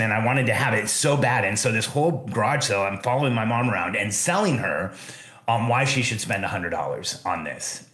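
A man's voice: lowish voice, sharp tone, roomy sound. A man in his forties telling a personal story in an earnest, rambling way with many restarts. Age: 40s.

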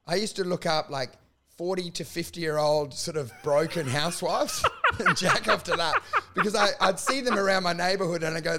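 A man telling stories in casual chat, animated and swearing often. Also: sits high, brisk, heavy background noise. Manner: animated storytelling, swearing, frequent laughing.

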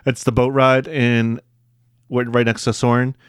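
A man co-hosting a casual family podcast with his child, easygoing and quick to laugh. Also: medium pitch, level tone, clean tone, dry recording. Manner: easygoing, laughs often, playful. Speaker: podcast co-host, parent of the child host.

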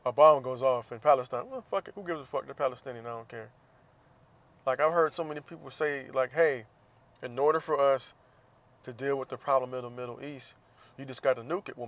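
A man from the United States in a casual talk, swearing freely and laughing often as he speaks with passion. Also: a little high. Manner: profane, impassioned, laughs often.

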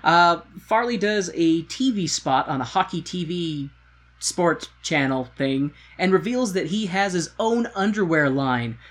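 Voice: medium pitch, a bit bright. Brief: co-host, casual and crude, rambles through a plot recap, jokes often. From United States. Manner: joking, profane, rambling storytelling. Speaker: podcast co-host. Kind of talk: casual chat recapping a musical.

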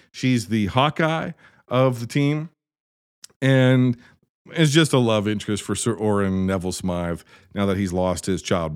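Sarcastic, animated man recapping a movie. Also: mid-range voice. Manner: sarcastic, exasperated, swears freely, acts out characters' lines. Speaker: movie reviewer. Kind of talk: profane comedic movie recap.

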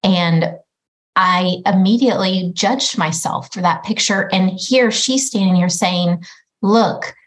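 A woman's voice: lowish voice, a little slow, rough recording. A middle-aged mother talking earnestly as a podcast guest, often acting out her own inner voice. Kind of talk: reflective conversation.

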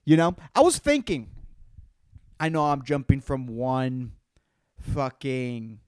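A man's voice: mid-range voice, big pitch swings, takes it slowly, smooth, no echo. A man hosting a solo podcast while a bit tipsy. He rambles from topic to topic, swears freely and calls everyone "dude.". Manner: profane, slangy, jumps between topics, says "dude" constantly. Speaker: podcast host. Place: in front of a green screen.

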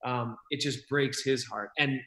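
A man's voice: medium pitch, fairly even intonation, a little slow. A man hosting a casual interview podcast, earnest and encouraging as he talks openly about feelings. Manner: warm-hearted, encouraging, earnest. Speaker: podcast host.

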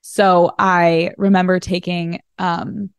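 Chatty woman, slightly low voice, dry sound. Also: flat delivery, slow, clean tone, dry recording. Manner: chatty storyteller, heavy use of "like"; acts out quoted dialogue. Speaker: podcast guest. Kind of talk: casual interview chat.

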